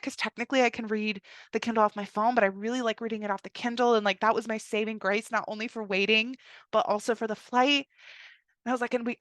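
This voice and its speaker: A young woman hosting a podcast, telling a personal travel story in a chatty way, full of "like" and quick acted-out asides. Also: fairly high pitch, no room sound, clean studio sound. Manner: chatty, heavy use of "like", animated quoted asides. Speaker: podcast host. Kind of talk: casual storytelling monologue.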